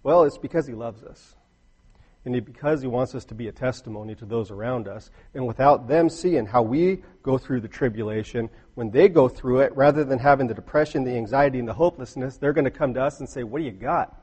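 Husky-voiced man preaching a sermon. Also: medium pitch, brisk, mellow. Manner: earnest, rising to emphatic bursts, storytelling asides.

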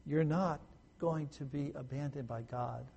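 A male pastor preaching a sermon, asking his listeners questions and swinging from loud emphasis to hushed, soft tones. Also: fairly high pitch, measured pace, vocal fry, husky. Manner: asks the listeners rhetorical questions.

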